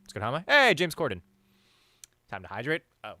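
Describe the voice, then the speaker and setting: A man's voice: mid-range voice, huge pitch swings, fairly quick, sharp tone, no echo. A man streaming live, chatting casually with his viewers, rambling and joking with lots of swearing and "like". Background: faint music.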